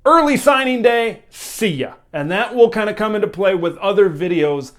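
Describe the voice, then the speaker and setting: A man's voice: sits high, moderate pace. A young man hosting a college football opinion vlog, talking casually and emphatically, hammering home his points. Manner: animated, emphatic, repeats key points.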